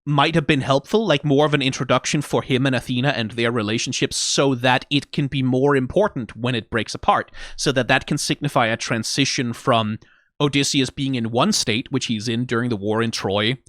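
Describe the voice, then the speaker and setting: A man's voice: mid-range voice, moderate pace, fairly bright tone, dry recording. Guy doing a chatty reaction commentary, acts out lines in a mocking voice, swears a lot, dry close sound. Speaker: reaction video host. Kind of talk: casual commentary.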